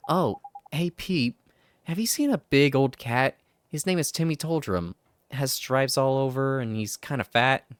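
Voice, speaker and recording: A man plays an earnest young boy hero in a fan dub of a story game. He sounds polite and curious, speaking slowly with lively pitch. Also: no echo, clean studio sound, lightly acted. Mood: friendly.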